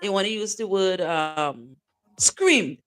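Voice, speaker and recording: Bright, lively woman co-hosting a talk show. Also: mid-range voice, slow. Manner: bright, lively, laughs often, teasing. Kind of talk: casual advice chat.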